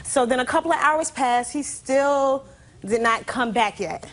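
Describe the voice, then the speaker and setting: Young woman in court telling her story, like, all animated, kinda high pitched. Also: unhurried. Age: 20s. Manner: animated storytelling, heavy use of "like". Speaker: plaintiff. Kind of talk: courtroom testimony.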